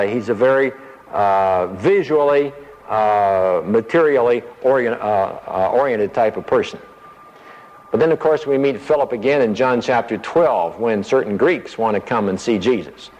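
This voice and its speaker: A man teaching from the Bible in an easygoing, conversational way, pausing to think aloud and voicing the scripture he quotes. His voice sits at an ordinary middle pitch. A long reverb trails behind every phrase. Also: a little mellow, muffled recording.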